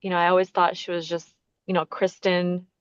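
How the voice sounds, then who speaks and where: A woman's voice: fairly low pitch, level tone, brisk, clean tone, no echo, lo-fi sound. A woman sharing her experience in a casual group chat, earnest and hesitant with many ums. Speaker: participant.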